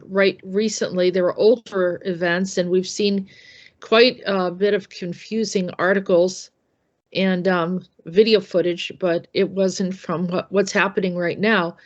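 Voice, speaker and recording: A woman's voice: medium pitch, muffled recording. A woman hosting a discussion, talking in a casual, conversational, hesitant way. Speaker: host.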